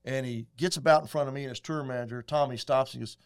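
A middle-aged man, a guest telling folksy, animated stories in casual chat. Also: mid-range voice, quick pace, smooth. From Texas. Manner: folksy, animated, acts out quotes. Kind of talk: casual storytelling.

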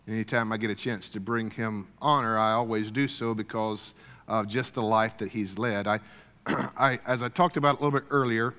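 A middle-aged man gives a folksy, storytelling sermon, often clearing his throat and restarting his sentences. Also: on the low side, steady tone, normal speed, a bit bright. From Deep South, USA. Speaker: speaker at a church gathering. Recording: long hall reverb.

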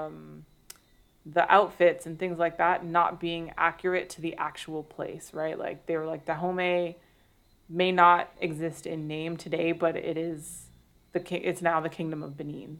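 Creaky-voiced woman in a thoughtful chat. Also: low voice, fairly bright tone. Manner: thoughtful, talks with many fillers and restarts. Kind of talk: casual discussion.

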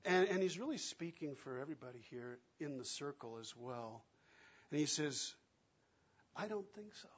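A man preaching a sermon, acting out quoted lines and swinging between loud and soft. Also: mid-range voice, moderate pace, husky, dull audio. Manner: dramatic, acts out quoted lines with big swings in loudness. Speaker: pastor.

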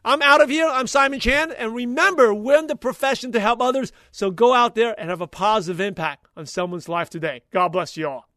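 Rapid-fire high-voiced motivational man. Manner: energetic, motivational, talks fast when passionate. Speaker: podcast host. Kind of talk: enthusiastic podcast recap.

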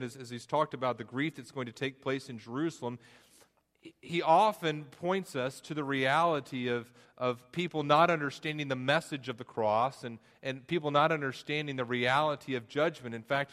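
A man's voice: medium pitch, a bit bright. A man preaching an expository sermon, walking through the text with frequent restarts and repeated words. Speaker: pastor. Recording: long hall reverb.

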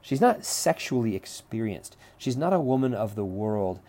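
Guy teaching a class on a play, chatty, mellow warm voice, kinda restarts a lot. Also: on the low side, very animated, moderate pace. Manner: conversational, repeats words while thinking, asks "right?". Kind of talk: lecture on a play.

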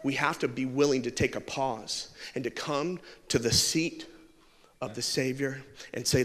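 A man preaching a sermon full of humor, animated and jokey, acting out bits of dialogue. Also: mid-range voice, a little slow, long reverb tail. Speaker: pastor. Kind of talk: sermon with comic stories.

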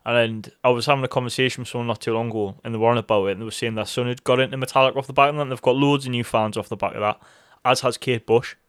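A man co-hosting a podcast in casual chat, animated, swearing freely and acting out excited reactions. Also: medium pitch, racing, hardly any pauses, smooth. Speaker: podcast co-host.

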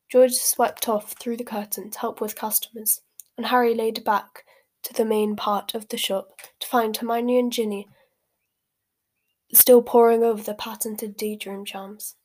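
A woman's voice: on the high side, level tone, measured pace, darkish tone. A woman reading a novel aloud as an amateur, apologising for her slips. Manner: apologetic, self-deprecating slips. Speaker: amateur reader.

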